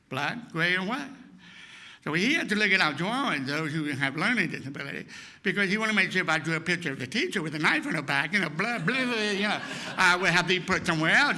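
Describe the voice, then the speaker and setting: Older guy in his 60s, sermon told as funny life stories, kinda high voice, really punchy and bright. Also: quick pace. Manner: lively storyteller who acts out the people he quotes. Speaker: guest speaker. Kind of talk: humorous personal storytelling sermon.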